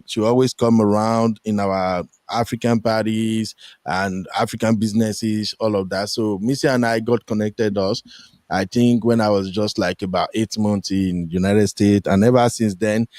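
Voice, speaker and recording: A young man with a Nigerian accent hosts a casual streamed chat, his voice at a middle pitch. He talks animatedly, jumping up in pitch whenever he quotes someone. The sound is dry and close. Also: no echo. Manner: animated, pitch jumps when quoting people. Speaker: host. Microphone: streaming headset mic.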